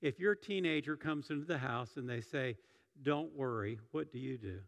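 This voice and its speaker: Gravelly and medium in pitch, this middle-aged man speaks at a moderate pace while delivering a sermon as a pastor. He talks conversationally in the church sanctuary, frequently starting over and repeating himself, with long hall reverb around him.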